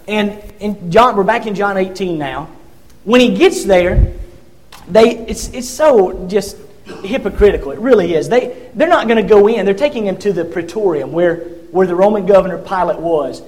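A man's voice: high-pitched, animated, normal speed, darkish tone. A man preaching a sermon, retelling scripture in vivid storytelling with frequent restarts and acting out the quoted figures.

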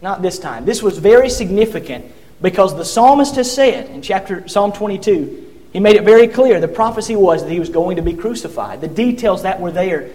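A man's voice: high-pitched, animated, a little fast, a little mellow. A man preaching a sermon, retelling scripture in vivid storytelling with frequent restarts and acting out the quoted figures.

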